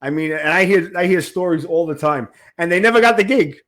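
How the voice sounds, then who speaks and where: Here the same kind of host, a Queens native with a thick New York accent, keeps the interview chatty and full of jokes. He sounds a little high, animated and brisk, with a fairly bright tone.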